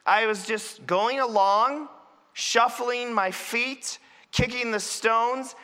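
His voice is very high-pitched, pushed and bright, a full character voice, and he takes his time. Playing a Samaritan leper in a first-person sermon monologue, he recounts his story earnestly and emphatically. The large hall adds long reverb.

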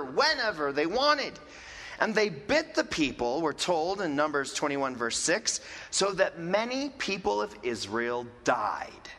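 Male pastor, high bright voice, slow, expressive sermon delivery, echoing hall. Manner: expressive, wide-ranging delivery with dramatic drops in pitch.

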